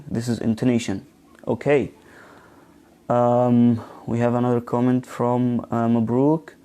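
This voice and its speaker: A man giving a live online pronunciation lesson, speaking slowly with frequent ums and restarts and reading out viewer comments. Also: medium pitch, warm tone. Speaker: English teacher trainer. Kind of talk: live online teaching session.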